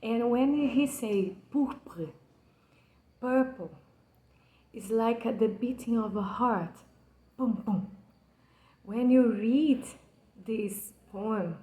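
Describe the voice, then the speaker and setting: A woman's voice: on the high side, slow, mellow, echoey room, poor audio. A woman from Brazil with a Brazilian Portuguese accent, speaking English as a second language. She explains a poem earnestly, with hesitations and restarts. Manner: hesitant, with many fillers and restarts, passionate. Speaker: channel host explaining a poem. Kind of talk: slow, earnest spoken explanation.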